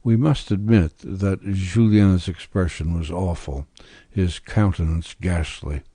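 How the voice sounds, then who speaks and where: A male audiobook narrator reads a classic novel in a deep, dark voice with a slightly husky grain. His delivery is slow, measured and deliberate, recorded dry and close. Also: fairly even intonation, no room sound.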